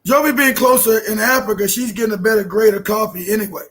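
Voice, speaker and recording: A man hosting a casual podcast chat, joking loudly and slipping into shouted scolding voices. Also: high voice, steady tone, fast talker. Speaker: host.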